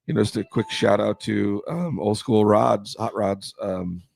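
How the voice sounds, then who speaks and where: Gravelly man chatting, voice going hoarse. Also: lowish voice, measured pace, darkish tone, no echo. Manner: rambling, with many restarts. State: losing his voice. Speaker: co-host, custom car builder. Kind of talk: casual chat.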